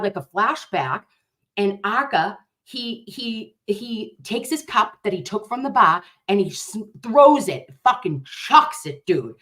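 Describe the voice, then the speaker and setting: A woman hosting a casual livestream chat, telling stories in a rambling, profane, animated way. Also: mid-range voice. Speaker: livestream host.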